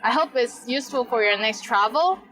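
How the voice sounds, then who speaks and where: A woman's voice: a little high, moderate pace, fairly bright tone, slight background noise, low-quality recording. A woman teaching Cantonese words, saying each word twice and then giving example sentences. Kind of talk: language lesson.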